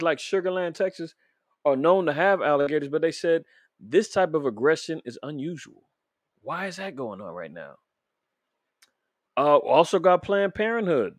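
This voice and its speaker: A man hosts a religious commentary podcast in a preachy, animated way, throwing rhetorical questions at his audience. His voice sits somewhat high for a man. The recording is dry and close, with no room sound. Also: no room sound. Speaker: podcast host. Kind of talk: casual religious commentary show.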